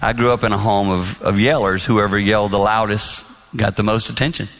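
A man giving a marriage talk to an audience, telling stories and acting out dialogue in soft voices. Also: lowish voice, little pitch movement, fairly quick. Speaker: marriage speaker.

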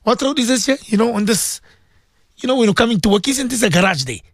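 A man preaching on a radio show in a high voice that swoops animatedly up and down. He repeats his phrases for emphasis and keeps clearing a sore throat. The studio sound is dry and close. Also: animated, quick pace, no room sound. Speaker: radio host and Muslim cleric. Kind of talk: religious radio talk.

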